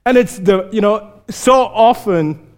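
High-voiced male preacher, earnest sermon. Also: a little slow, darkish tone. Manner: earnest, conversational, with frequent restarts.

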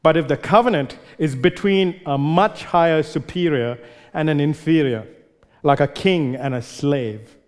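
Emphatic preacher with a fairly high voice. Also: male voice, measured pace. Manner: emphatic, repeats words for stress. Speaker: pastor. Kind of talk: sermon. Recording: long reverb of a large hall.

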